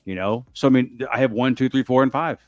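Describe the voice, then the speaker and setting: A man's voice: medium pitch, fast, no echo, muffled recording. A man guest-starring on a casual live stream, joking and telling goofy stories. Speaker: guest co-host.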